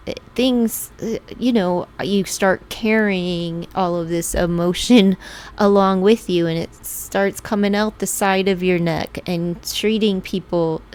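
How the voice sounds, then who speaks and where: A woman's voice: lowish voice, darkish tone. A woman giving a casual tarot reading in a chatty way, laughing often and acting out what people might say. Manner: chatty, laughs often, acts out quoted lines; slow, drawn-out talk. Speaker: tarot reader.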